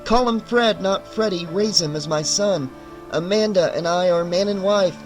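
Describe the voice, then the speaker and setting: High-pitched man reading a dramatic audiobook. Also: moderate pace, soft background music, rough recording. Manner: expressive, emphatic, swings into loud cries. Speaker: audiobook narrator.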